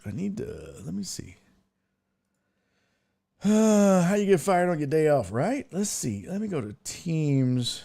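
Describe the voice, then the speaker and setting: A male sports host talking in an unhurried, drawn-out way. His voice sits a little high and swings widely in pitch as he riffs on the games. He reacts to breaking news as he reads it. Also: creaky. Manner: animated, thinking aloud, reacting to news as he reads. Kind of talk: casual sports talk.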